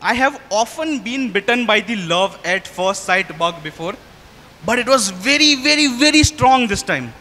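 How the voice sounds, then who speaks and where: A man's voice: high voice, normal speed. Young man telling a story in a hall. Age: young adult. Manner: chatty, addresses the audience directly; animated, shifts pace for effect. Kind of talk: live storytelling performance. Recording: hall reverb.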